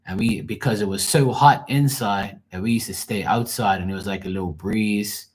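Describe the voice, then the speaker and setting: A young man, telling a casual, profane and animated story on his livestream. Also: on the low side, moderate pace, breathy edge. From Bermuda. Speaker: livestream host.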